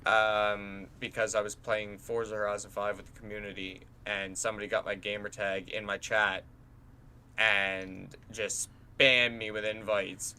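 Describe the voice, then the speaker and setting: A man co-hosting a podcast, telling animated stories in casual chat, swearing and laughing often. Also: lowish voice, unhurried, clear, resonant tone. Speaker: podcast co-host and streamer.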